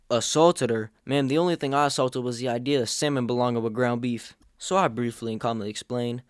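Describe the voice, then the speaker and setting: A man's voice: mid-range voice, a little fast, few pauses, clean tone, dry recording, clean studio sound. A young man hosting a comedic storytime vlog, telling it with sarcastic jokes. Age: young adult. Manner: sarcastic, jokey. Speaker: storyteller host.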